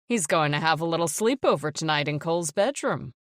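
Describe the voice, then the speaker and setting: A woman's voice: sits low, animated, a little fast, dry recording, clean studio sound. A woman reading an audiobook, voicing a cold, stern, controlling man who gives orders. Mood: threatening. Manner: stern, commanding.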